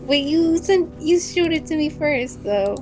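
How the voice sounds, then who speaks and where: A woman's voice: sits high, animated, a little slow, a little mellow, faint music behind. Teasing protesting woman. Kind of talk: casual banter.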